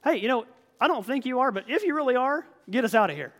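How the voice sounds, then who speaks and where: A man's voice: very high-pitched, expressive, fast, creaky, fairly bright tone, long reverb tail, voice pushed up, heavily acted. A man voicing a desperate condemned criminal who pleads for rescue in a pleading, half-doubting way.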